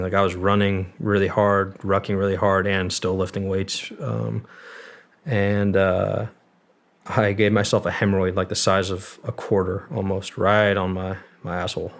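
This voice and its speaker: A young man with a somewhat low voice, talking as a guest on a long-form interview show. He tells his story candidly and loosely, full of "like" and "um," with casual swearing. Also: vocal fry. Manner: rambling and candid, with fillers and swearing. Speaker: guest, former Marine.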